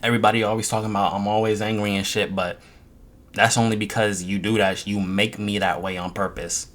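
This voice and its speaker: A man's voice: fairly low pitch, little pitch movement, brisk, fairly bright tone. A young man, a streamer, venting angrily and profanely about his chat, mocking them in quoted voices. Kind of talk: frustrated vent to camera.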